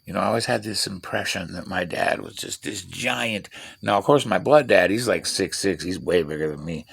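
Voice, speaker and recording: A man's voice: sits low, normal speed, vocal fry, fairly bright tone, husky. A middle-aged man, rambling bluntly and profanely in a casual vlog while working with tools. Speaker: vlogger.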